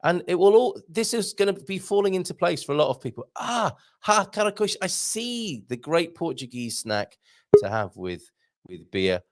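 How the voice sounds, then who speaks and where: A middle-aged man hosts a live morning stream, reading out viewer messages and trading puns. His voice has a gravelly edge and leaps up and down in pitch as he greets people. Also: moderate pace. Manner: chatty, playful, punning, greets viewers by name; lively up-and-down pitch, jumps high for greetings. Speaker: host.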